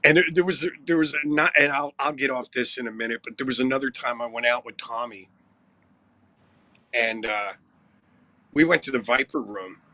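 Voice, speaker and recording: A man's voice: mid-range voice, moderate pace, bright, forceful tone, no room sound. A man, a rock singer guest on a podcast, telling wry, profane anecdotes in a casual way. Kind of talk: casual storytelling.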